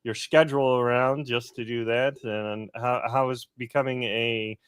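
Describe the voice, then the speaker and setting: A man's voice: medium pitch, unhurried, smooth, no room sound, studio quality. A man co-hosting a gaming podcast, chatting casually and reading viewer comments with plenty of "uh"s. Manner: relaxed, reads viewer comments aloud with fillers. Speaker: podcast co-host. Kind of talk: casual chat.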